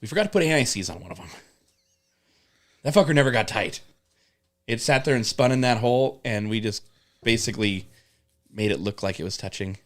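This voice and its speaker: A man's voice: on the low side, animated, a little fast, long pauses. A man telling rambling work stories in casual chat, swearing often and acting out coworkers. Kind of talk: casual storytelling with profanity.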